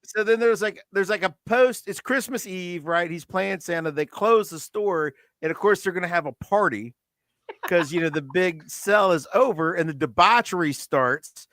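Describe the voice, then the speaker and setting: A male podcast co-host with a notably high voice talks in loose, animated chat, filling his story with "like" and quick laughs. The sound is dry and close, with no room around him. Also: no room sound. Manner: animated retelling with frequent laughs and fillers. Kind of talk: casual chat.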